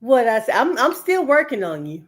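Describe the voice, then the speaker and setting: A woman's voice: a little high, sing-song, normal speed. A woman chatting casually, teasing and laughing often. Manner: laughs a lot, teasing interjections. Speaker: co-host. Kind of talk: casual chat.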